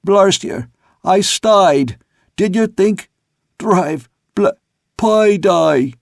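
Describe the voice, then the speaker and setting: A man's voice: medium pitch, unhurried, no room sound, studio quality, voice pushed up, lightly acted. A man voicing a surly, coarse cockney sailor with slangy, defiant talk. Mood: raving.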